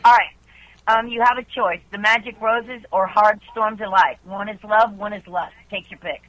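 A woman's voice: mid-range voice, steady tone, moderate pace, fairly bright tone. A woman caller on a call-in show, reading her own poems in an earnest, chatty way. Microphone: telephone. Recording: tinny phone line.

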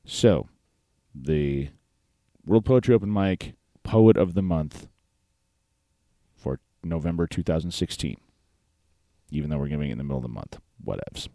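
A man's voice: extremely low pitch, lively intonation, moderate pace, pauses often, warm tone, no room sound. A man hosting a podcast in a casual, rambling way, with plenty of fillers and restarts. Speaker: podcast host. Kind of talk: casual talk-show chat.

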